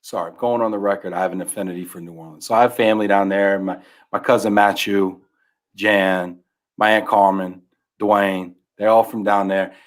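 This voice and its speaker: A man's voice: deep voice, normal speed. A man on a podcast, animatedly retelling a children's book, whose voice often drops to a mumble. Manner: animated storyteller, trails off into mumbles. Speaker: podcast guest. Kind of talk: casual chat.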